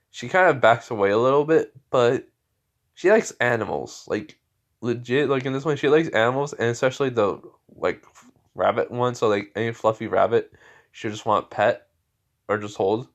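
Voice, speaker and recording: A man's voice: medium pitch, moderate pace. A man improvising a fan story aloud, rambling and stopping and restarting as he goes. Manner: rambling, many fillers and restarts.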